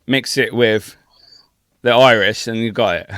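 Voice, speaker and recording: Sweary, animated podcast guy. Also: mid-range voice, unhurried, no echo, clean studio sound. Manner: sweary, laughing, animated storyteller. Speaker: podcast co-host. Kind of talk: casual storytelling chat.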